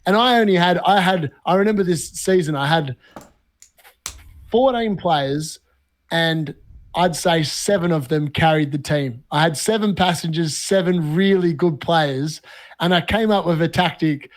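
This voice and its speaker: A young man from Australia, a podcast guest, telling animated, laugh-filled stories in casual talk. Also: on the high side, unhurried. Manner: animated, laughs often, lively anecdotes. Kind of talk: casual storytelling.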